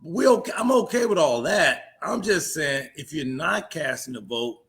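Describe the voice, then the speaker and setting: A man's voice: on the high side, animated, moderate pace, a bit bright. A man co-hosting a live talk stream, pushing back in a laid-back way, often restarting his sentences. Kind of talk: casual debate talk.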